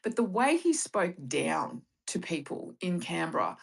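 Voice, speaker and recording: A woman's voice: lowish voice, sing-song, measured pace, vocal fry, slightly rough. A woman on a casual political podcast, indignant and swearing often.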